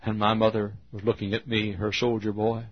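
Man, 50s, from Texas, preacher, husky, earnest storytelling sermon, dull lo-fi recording. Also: on the low side, level tone. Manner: earnest, drawn-out storytelling with emotional swells.

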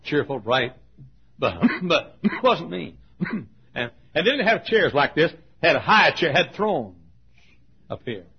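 A man's voice: on the high side, big pitch swings, unhurried, breathy edge. An older man, a pastor, telling a folksy story in a sermon, often repeating words and coughing. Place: church auditorium. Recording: dull lo-fi recording.

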